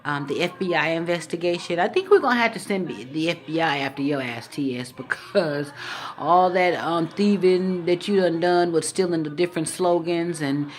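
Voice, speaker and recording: A woman with a low, deep-set voice talks casually straight to the camera. She teases and mocks in a playful, easygoing way, like a vlogger ribbing someone. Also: normal speed. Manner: teasing, mocking, playful.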